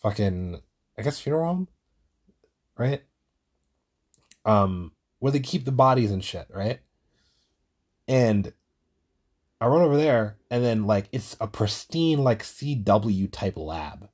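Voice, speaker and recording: Guy talking to himself on his own show, low husky voice, swears a lot, goes all over the place. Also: takes it slowly, pauses often. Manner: rambling, profane storytelling; gets loud and high-pitched when excited. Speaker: podcast host. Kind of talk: casual solo monologue.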